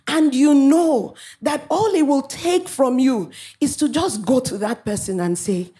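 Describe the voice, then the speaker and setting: A woman from Africa preaching a sermon, animated, with playful asides and acted-out quotes. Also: sits high, a little slow, few pauses.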